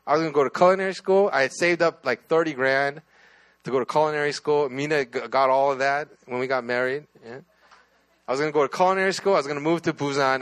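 A man's voice: on the high side, fairly bright tone. A man, a pastor, telling his own testimony in a sermon, talking casually with many restarts and "right?" asides.

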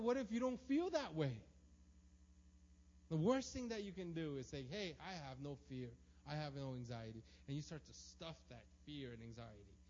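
A man's voice: a little high, mellow, a little hiss or hum. A man preaching a sermon, emphatic and acting out the prayers and voices he quotes. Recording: dull lo-fi sound.

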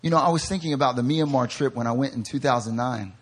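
A man preaching a sermon, moving between quiet, joking storytelling and loud, fervent shouting, acting out quoted people with humor. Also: medium pitch, fast talker, husky. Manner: acts out quoted voices with humor. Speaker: pastor.

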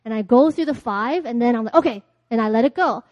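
A woman delivers a sermon, with a high voice heard dry and close. She tells personal stories, acts out both sides of conversations, and often laughs as she goes. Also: quick pace, a little mellow, no room sound, muffled recording. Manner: storytelling, acting out dialogue, laughing often. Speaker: preacher. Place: church.

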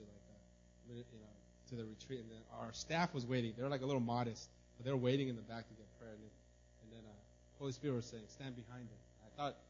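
A man preaching a sermon in a church, telling a personal story in an animated way and often asking "right?". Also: mid-range voice, slight background noise. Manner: animated, tells stories, repeats "right?". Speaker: pastor. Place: church service. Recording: dull lo-fi recording.

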